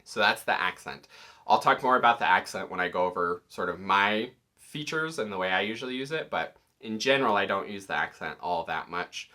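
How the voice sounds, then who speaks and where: A man with a somewhat low voice that still sounds bright and forward gives a casual music tutorial. He explains things patiently and plainly, step by step. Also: a little fast. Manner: relaxed, explanatory, occasionally counting beats aloud. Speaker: music teacher.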